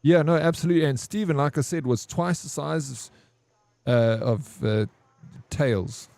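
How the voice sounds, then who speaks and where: A man chatting casually while he plays a game, wandering through a long story and dropping curses and "bro" at every turn. His voice is mellow and dark, and it sounds dry and close with no room echo. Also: a little high, unhurried, creaky. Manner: rambling, profane, says "bro" a lot. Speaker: game streamer. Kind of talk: casual storytelling over gameplay.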